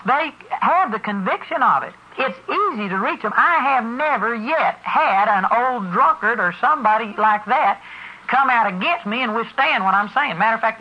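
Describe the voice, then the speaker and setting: A man's voice: high-pitched, a little hiss or hum. A man preaching a sermon in a folksy, storytelling way. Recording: muffled lo-fi recording.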